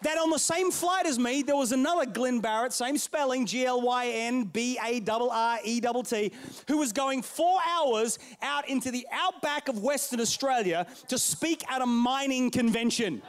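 A man over thirty-five preaching a sermon, telling stories and swinging between loud bursts and hushed lines. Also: very high voice, normal speed, few pauses, clear, resonant tone.

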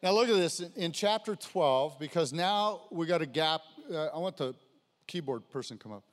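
High-voiced preacher in an echoing hall. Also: male voice, lively intonation, moderate pace. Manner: conversational preaching with call-outs to the congregation. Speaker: pastor. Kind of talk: sermon. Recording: long hall reverb.

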